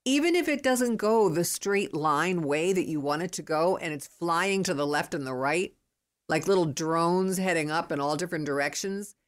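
A woman in her fifties hosts a podcast in a low voice that swings widely up and down. She rambles from thought to thought in an excitable, emphatic monologue full of motivational urging. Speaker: podcast host.

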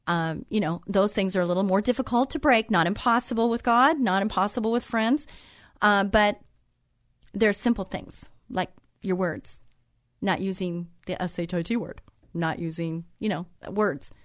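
A woman's voice: fairly low pitch, normal speed, no echo. A woman hosting a Christian talk show, talking in a chatty, encouraging way and drifting into personal stories. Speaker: host.

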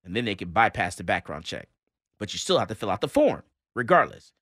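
A male talk radio host, lecturing and joking in an animated, emphatic way. His voice jumps around wildly in pitch and stays bright and forceful. The studio sound is dry and close. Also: brisk, dry recording. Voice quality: animated, emphatic, laughs often. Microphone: studio microphone.

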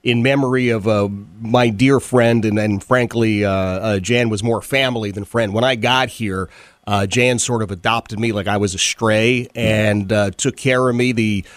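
A man's voice: fairly low pitch, steady tone, normal speed, no echo. A man hosting a talk radio interview, earnest, often repeating words and using fillers. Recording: dry studio sound.

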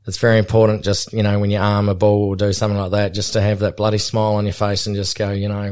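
A man's voice: fairly low pitch, level tone, fast, a little mellow, smooth. A middle-aged man with a New Zealand accent, a bull catcher and pilot, talking in a laid-back, rambling way full of fillers in a podcast interview.

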